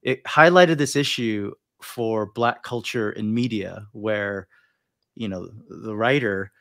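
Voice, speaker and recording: Low-voiced man hosting, dry sound. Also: slow pace, vocal fry, fairly bright tone, dry recording. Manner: hesitant and thoughtful, many ums and restarts. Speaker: host. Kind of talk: interview conversation. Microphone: livestream video call.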